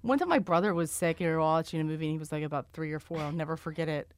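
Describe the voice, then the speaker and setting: Lower-voiced woman co-host, crude and joking. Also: racing, clean tone, no room sound. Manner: loose, crude humor with loud laughs. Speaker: podcast co-host. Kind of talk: casual chat.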